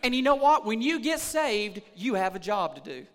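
A man preaching a sermon as pastor of a church, rising from calm talk to shouting. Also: sits high, moderate pace, big-room sound. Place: church sanctuary.

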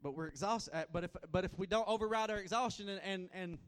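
A man preaching a sermon as a guest preacher, folksy and repetitive, swinging between loud and soft. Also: high-pitched, fast, long reverb tail.

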